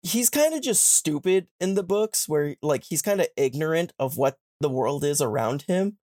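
A young man hosting a podcast, casually retelling a story and slipping into quick character voices. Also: a little high, lively intonation, a little mellow, dry recording, studio quality. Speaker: podcast host.

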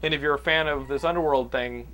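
Male podcast host, higher pitch and bright tone, casual rambling delivery. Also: fast talker. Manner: rambling, restarts a lot. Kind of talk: casual chat, movie review.

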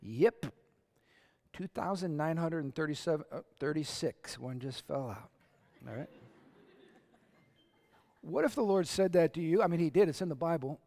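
Male pastor, higher voice, lively conversational sermon with acted-out quotes. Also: normal speed, pauses often.

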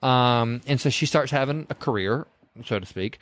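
A man's voice: medium pitch, normal speed, no echo. A man, co-hosting a podcast and recapping a movie in a casual, storytelling way. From Southern US. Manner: animated storyteller who slips into quoted voices. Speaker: podcast co-host.

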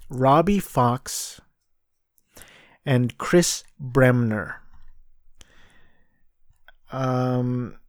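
A man's voice: mid-range voice, clean tone, dry recording, clean studio sound. A man casually reviewing movies and plays on his own show, blunt and exasperated, repeating himself for emphasis. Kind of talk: casual solo review talk.

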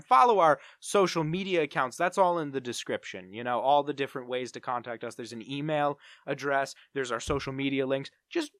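Goofy podcast dude riffing, voice jumps all over, a bit high. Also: male voice, bright, forceful tone, dry recording, clean studio sound. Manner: theatrical, jokey, rambling. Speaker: podcast co-host. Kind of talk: casual comedic chat.

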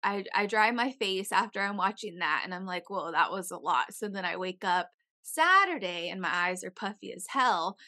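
A woman's voice: medium pitch, lively intonation, normal speed, bright, forceful tone. A young woman co-hosting a podcast, chatting casually and telling a long story full of "like" and swearing. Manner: chatty, swears freely, tells stories with lots of "like". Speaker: podcast co-host. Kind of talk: casual chat.

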